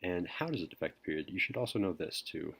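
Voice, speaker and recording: A man teacher whispering a recorded math lesson, hesitant with frequent pauses. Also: deep voice, lively intonation, gravelly, slightly rough. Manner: whispering softly; hesitant, many ums.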